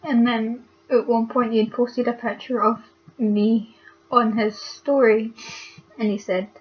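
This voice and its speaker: A young woman talks hurt and upset into a webcam, her voice flat and even, stopping often and padding her speech with fillers. The sound is dull and lo-fi, like cheap webcam audio. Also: on the high side. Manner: halting, filler-heavy, many pauses. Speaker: vlogger. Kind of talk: casual confessional vlog.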